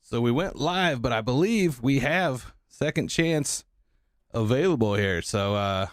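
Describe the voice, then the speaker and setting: A man hosts a live-streamed podcast at an ordinary mid pitch. He halts often and fills gaps with "uh". The recording is dry. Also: lively intonation, unhurried, dry recording. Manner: hesitant, many fillers. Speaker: podcast host.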